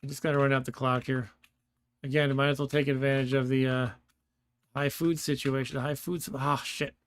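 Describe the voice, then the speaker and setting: A man's voice: mid-range voice, level tone, brisk, clean tone. A man giving casual let's-play commentary, thinking aloud and laughing often, with keyboard clicks behind him. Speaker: gameplay streamer.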